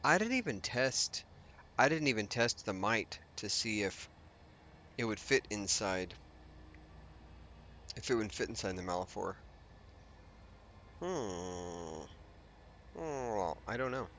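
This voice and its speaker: A man's voice: on the low side, sing-song, slow pace, long pauses, fairly bright tone, slight background noise. A man hosting a let's play, giving casual gameplay commentary and thinking aloud as he rambles through his plans with restarts and asides.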